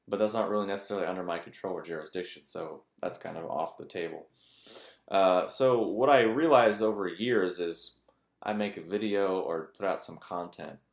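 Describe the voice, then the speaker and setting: A man's voice: deep voice, creaky, roomy sound. A man talking casually to his channel's viewers, rambling loosely and peppering his thoughts with "like" and "kind of". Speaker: spiritual teacher, YouTuber. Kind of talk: casual monologue to camera.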